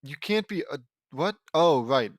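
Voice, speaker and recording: Reading his own fan fiction into a close home microphone, a man with a slightly high, animated voice speaks a little slowly on a dry recording. He keeps interrupting the casual audiobook reading with sarcastic, joking remarks.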